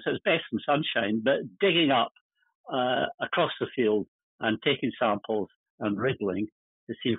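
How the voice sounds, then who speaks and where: An older man, appearing as a guest, speaks in a mid-range, slightly rough voice, chuckling as he rambles through casual stories about his working life. The recording is dry, with a tinny phone-line quality.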